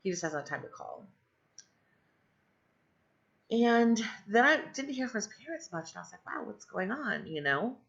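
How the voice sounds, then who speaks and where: Middle-aged woman, storyteller, rambling with asides; raspy fry, muffled lo-fi audio. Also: mid-range voice, very animated, moderate pace, pauses often, a bit bright. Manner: rambling, many fillers and asides. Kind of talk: personal storytelling. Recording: dull lo-fi sound.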